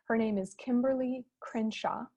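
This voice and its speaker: A woman moderating a fireside chat over a video call, explaining terms in a measured, teacherly way. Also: fairly high pitch, steady tone, warm tone, muffled recording.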